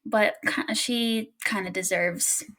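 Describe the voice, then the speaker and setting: A woman's voice: medium pitch, steady tone, takes it slowly, a bit bright, low-quality recording. A young woman co-hosting a casual podcast, telling a spooky story with frequent giggles. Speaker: podcast co-host.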